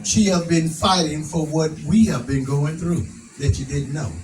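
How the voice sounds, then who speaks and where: Rousing man with a higher voice, folksy preacher-style speech, echoey room, distant mic, background noise. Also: normal speed. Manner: rousing, folksy, laughs at his own jokes. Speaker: advocate speaker. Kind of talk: preacher-like speech at a prayer breakfast. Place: event hall.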